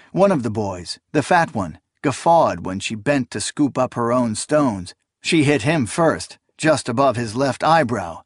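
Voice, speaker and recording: A man reads a story aloud with measured, dramatic pacing, his voice at an ordinary middle pitch. The recording is dry and close with no room sound, typical of audiobook narration. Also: dry recording. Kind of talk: scripted narration.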